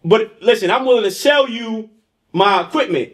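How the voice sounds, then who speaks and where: A man's voice: high-pitched, lively intonation, normal speed, pitched above the performer's own voice. A man doing a sly, worn-out prospector.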